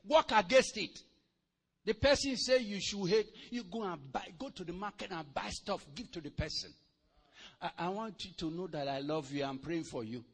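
A man preaching a sermon, reading scripture slowly and then breaking into animated, sometimes shouted exhortation with laughter. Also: sits high, husky. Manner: animated, swings from quiet to loud and laughing.

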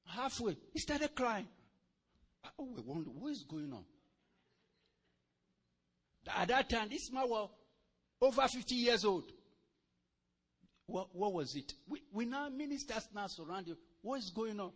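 A man with a high voice preaches a sermon. He moves between slow, deliberate scripture reading and bursts of loud, animated exhortation. His delivery rises and falls sharply in volume. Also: slightly rough. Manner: animated, swings from quiet to loud and laughing.

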